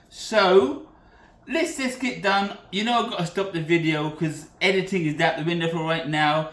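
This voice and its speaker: Home cooking host, male, from Britain: high-pitched, loose and self-correcting, recorded in a roomy kitchen. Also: moderate pace, a bit bright. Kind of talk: casual cooking demonstration.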